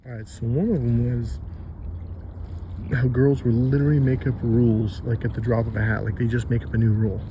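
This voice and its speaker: A man's voice: mid-range voice, flat delivery, a little fast, mellow, a little hiss or hum. Blunt, profane male dating coach. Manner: blunt and profane, rambling with fillers. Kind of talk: casual advice monologue to camera.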